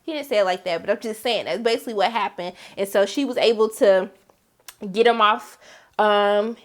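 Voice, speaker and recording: A woman's voice: medium pitch, moderate pace. A woman vlogger recapping a TV episode in casual slang, acting out the scenes as she goes. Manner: animated, slangy, acts out the scenes. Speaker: TV review vlogger.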